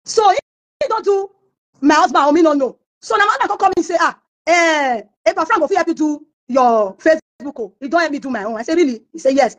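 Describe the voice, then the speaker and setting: A Nigerian woman talks at a racing clip in a high, bright-edged voice. She tells her story in an interview and keeps slipping into the voices of the people in it. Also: animated, fast talker. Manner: acts out quoted voices of others while telling stories. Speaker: singer being interviewed.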